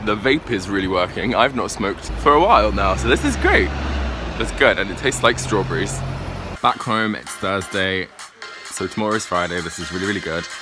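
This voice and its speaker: A cheerful man talks to his camera as he walks around the city, his voice sitting very low. He rambles, restarts sentences and keeps the tone light and chatty. Loud background music plays under his words. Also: moderate pace. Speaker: vlogger. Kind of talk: casual vlog chat. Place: out and about in a city, on streets and indoors. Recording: background music playing loudly.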